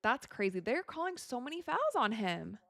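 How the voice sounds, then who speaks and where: A woman hosting a live watch party, chatting casually, reading viewer comments and reacting with excited outbursts to the plays. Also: fairly high pitch, normal speed, gravelly, no echo. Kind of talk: casual live-stream chat and game reactions.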